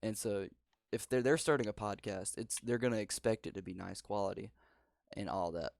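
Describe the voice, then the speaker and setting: A man's voice: lowish voice, moderate pace, vocal fry, a little mellow, no echo. A teenage boy hosting a casual podcast chat, rambling and laid-back. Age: teens. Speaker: podcast host. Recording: dry home recording over spotty internet.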